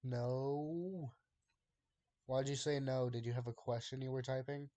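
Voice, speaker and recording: His mid-range voice holds a steady, dark tone and moves a little slowly. The young streamer chats loosely with viewers, sounding drawling and exasperated, bouncing jokes off the chat and laughing frequently.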